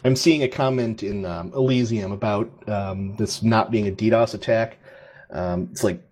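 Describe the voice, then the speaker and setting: Husky low man explaining calmly. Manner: measured, explanatory, many ums. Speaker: co-host. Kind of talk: casual livestream chat.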